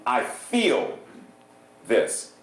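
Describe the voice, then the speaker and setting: A man preaching a sermon as a guest minister, animated and playful, often laughing as he speaks. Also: drawn-out words. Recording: echoey church hall.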